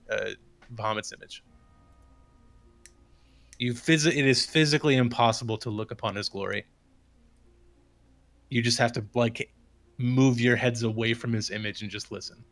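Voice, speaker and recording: A man running a tabletop game as game master, narrating in a halting way with many restarts. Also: medium pitch, a bit bright. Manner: halting, restarts while describing.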